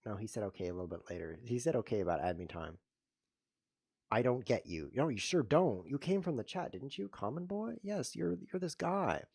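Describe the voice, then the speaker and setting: A man hosting his own show, commentating his chess games with playful mock-outrage, muttering one moment and loudly protesting the next. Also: mid-range voice, expressive, fairly quick, vocal fry, breathy edge. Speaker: host. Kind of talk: live chess game commentary.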